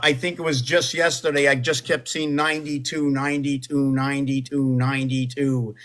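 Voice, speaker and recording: A man's voice: a little high, a bit bright. A man hosting a casual livestream from home, rambling and musing aloud about words and numbers. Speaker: livestream host.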